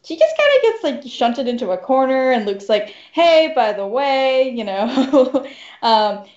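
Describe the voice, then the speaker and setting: A woman co-hosting a casual podcast chat, animated and laughing often as she talks. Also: a little high, a little slow. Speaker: podcast co-host. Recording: echoey, dull lo-fi room audio.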